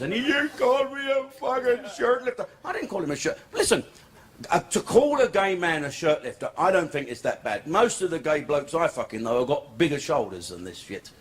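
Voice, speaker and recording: This stand-up comedian has a fairly high-pitched, fairly bright male voice and tells stories in a crude, brash, swearing way. He's performing a stand-up set on a comedy club stage to a laughing crowd, captured live with audience and background noise.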